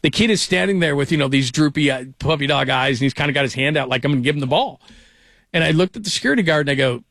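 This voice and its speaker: A middle-aged man hosting a casual sports talk show, telling stories and getting animated when amused. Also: fairly high pitch, very fast, dry recording.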